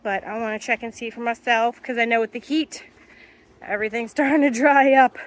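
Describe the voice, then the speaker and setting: A high-pitched woman talking outdoors on her farm. She coos and coaxes at her animals in a sing-song voice, then turns chatty and down-to-earth as she vlogs. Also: brisk. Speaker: farm vlogger. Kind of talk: casual vlog narration.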